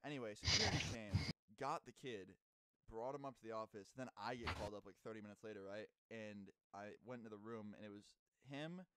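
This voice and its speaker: A young man in casual vlog storytelling, animated and profane, with sudden loud outbursts while telling a school story. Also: on the low side, fairly quick, heavy background noise. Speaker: YouTuber. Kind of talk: casual storytime over gameplay.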